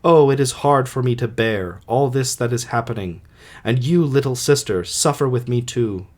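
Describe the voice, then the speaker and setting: A man's voice: medium pitch, normal speed, close to an everyday voice. A man voicing a grieving young boy in his own plain voice, reading a lament for an amateur audiobook.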